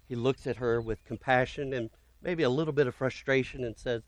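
A man's voice: medium pitch, fairly even intonation, moderate pace, darkish tone, no echo. A man preaching a sermon as pastor, retelling scripture in an earnest storytelling way with dramatic emphasis.

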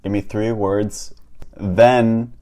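A man's voice: on the low side, flat delivery, very slow, mellow. A man chatting casually on a podcast, throwing in joking asides. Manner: jokey, interrupts with asides. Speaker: podcast co-host. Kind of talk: casual chat.

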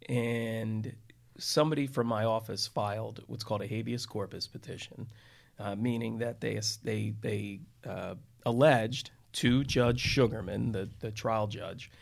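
A man's voice: lowish voice, steady tone, unhurried, creaky. A man, a defense attorney co-hosting a podcast, telling stories in a rambling way with many restarts and asides. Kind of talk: casual storytelling podcast talk.

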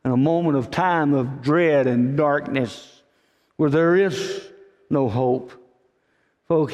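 A man's voice: a little high, darkish tone, in a large hall. A man preaching a sermon, telling folksy stories and calling his listeners "folk.". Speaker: pastor.

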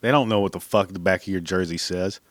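Speaking fast in a low voice, a podcast host delivers a casual solo rant that is blunt and full of swearing, laughing at his own jokes. The studio-quality recording has no room sound.

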